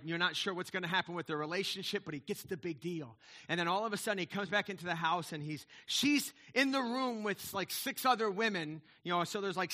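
A man's voice: high voice, bright, forceful tone. A man in his fifties, a pastor giving a chatty, digressive sermon with frequent asides to the congregation. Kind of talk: conversational sermon.

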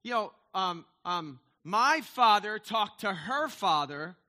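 A man's voice: high-pitched, very animated, slow, sharp tone. A man in his fifties, a pastor giving a chatty, digressive sermon with frequent asides to the congregation. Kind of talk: conversational sermon.

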